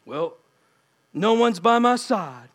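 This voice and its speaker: A man's voice: high-pitched, animated, takes it slowly, voice pushed down. A man voicing a downtrodden man who grumbles self-pityingly about his troubles. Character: mopey downtrodden man full of complaints.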